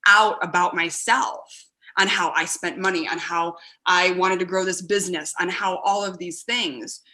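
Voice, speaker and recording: Bright, animated woman guest in conversation. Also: on the low side. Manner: animated, laughing, acts out quoted lines. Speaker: podcast guest. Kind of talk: casual conversation. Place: podcast recording with her husband beside her.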